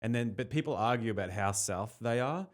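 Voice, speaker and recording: A man's voice: mid-range voice, animated, brisk. An Australian man with an Australian accent, hosting a podcast in casual, candid chat and swearing freely. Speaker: podcast host and comedian.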